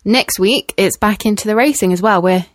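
A woman's voice: mid-range voice, normal speed, no room sound. A woman co-hosting a podcast in casual chat, talking in a loose way with frequent ums. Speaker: podcast co-host.

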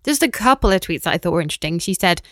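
A woman's voice: fairly low pitch, animated, racing, a bit bright, no echo. A woman co-hosting a podcast in casual chat, reading out messages with a dry wit. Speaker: podcast co-host.

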